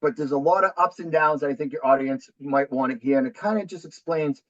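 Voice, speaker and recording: A man's voice: fairly high pitch, fast talker, dry recording, lo-fi sound. A man in his forties from New Hampshire with a thick Boston accent, a talkative and upbeat podcast guest telling his story. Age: 40s. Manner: upbeat, talkative, self-deprecating. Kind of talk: casual interview.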